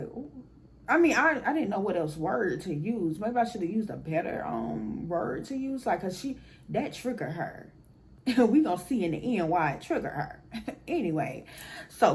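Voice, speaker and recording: A young woman telling a casual storytime, animated, blunt and profane, talking straight to her viewers. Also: medium pitch, moderate pace, slight background noise. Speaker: storyteller vlogger.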